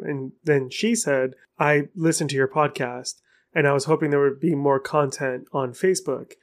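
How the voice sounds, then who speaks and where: A man's voice: on the high side, fairly even intonation, moderate pace. A man hosting his own podcast, talking alone in a rambling, frank way and cursing for emphasis. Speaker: podcast host. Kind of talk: casual solo podcast monologue.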